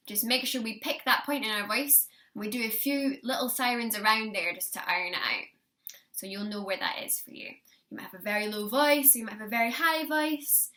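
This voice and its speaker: Bright-voiced woman leading vocal warm-ups. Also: medium pitch. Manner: encouraging, sings demonstration lines for the viewer to copy. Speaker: singing teacher.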